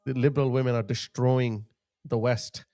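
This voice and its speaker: A man's voice: medium pitch, steady tone, normal speed, warm tone, no echo. A man hosting a commentary video, ranting in a heated, scornful way and repeating short jabs. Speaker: commentary channel host.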